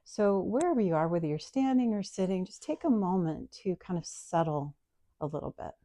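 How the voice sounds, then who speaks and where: A woman yoga teacher guiding a breathing practice in a calm, soft-spoken, explanatory way. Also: lowish voice, brisk, dry recording. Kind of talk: guided breathing and yoga instruction.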